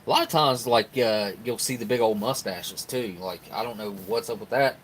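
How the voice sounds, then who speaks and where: A middle-aged man with a southern Ohio Appalachian accent hosts a casual live stream reviewing military rations, rambling folksily and reading viewer comments aloud. His voice is medium in pitch and his pace moderate. The recording is low quality, with a little hiss or hum.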